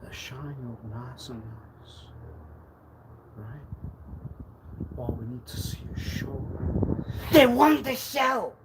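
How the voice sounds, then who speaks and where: A man rambling on a live stream, repeating himself and swinging suddenly between loud and quiet. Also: medium pitch, wildly swooping pitch, slow, pauses often, background noise. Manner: erratic, repetitive, with sudden swings in loudness. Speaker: livestreamer.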